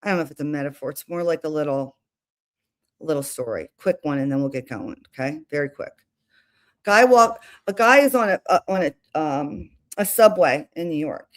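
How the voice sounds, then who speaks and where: Woman streamer, chatty and rambling, slightly low voice. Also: expressive, normal speed. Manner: chatty, rambling with restarts and asides. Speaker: livestream host. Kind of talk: casual livestream talk.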